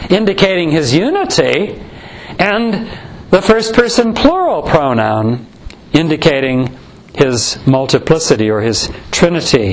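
Measured preacher, man, slightly high voice. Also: slight background noise, rough recording. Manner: measured, deliberate, slows to intone scripture. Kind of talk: expository sermon.

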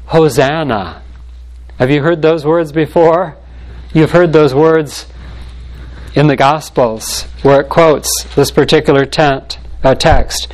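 A man delivers a sermon in a voice pitched a little above the usual male range. He reads scripture aloud and expounds on it, slowing down and leaning on key words for emphasis. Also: clear, resonant tone, poor audio. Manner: measured, emphatic preaching with slow stressed phrases. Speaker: preacher.

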